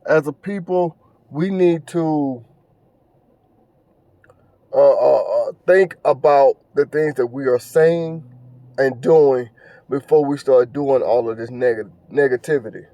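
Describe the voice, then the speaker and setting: Earnest, preachy man with a dark tone. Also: mid-range voice, slow, long pauses, no room sound. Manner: earnest, preachy, repeats phrases, stumbles with fillers. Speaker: podcast host. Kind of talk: casual monologue commentary.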